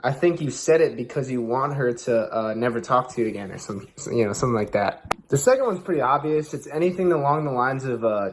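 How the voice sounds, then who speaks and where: Young male host, loose rambling delivery, average pitch, casual talk. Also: expressive, fairly quick. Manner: loose, rambling, heavy fillers.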